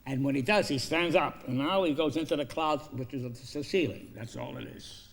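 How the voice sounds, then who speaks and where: A filmmaker pitching a film story, energetic and profane, acting out each scene as he goes. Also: moderate pace, vocal fry.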